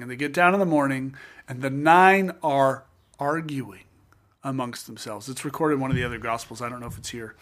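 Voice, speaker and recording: A man's voice: mid-range voice, a little fast. A man casually discussing scripture, retelling the story with energy and joking asides. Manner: animated storyteller who acts out quotes with jokes.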